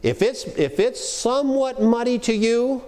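A middle-aged man giving a conversational workshop lecture on preaching, animated and acting out quoted speech. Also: extremely high pitch, a little slow. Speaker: preaching instructor.

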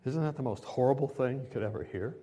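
An impassioned man preaching a sermon, pitched in the middle for a man. His delivery swells from hushed to loud, and he puts questions to the congregation. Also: quick pace, breathy edge. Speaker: pastor.

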